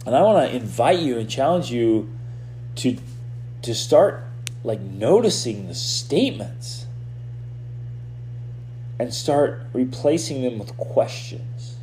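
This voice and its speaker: Guy hosting a coaching podcast, lively motivational talk, keeps repeating himself, low hum in back. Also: slow pace, pauses often. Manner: animated, repeats words and restarts often.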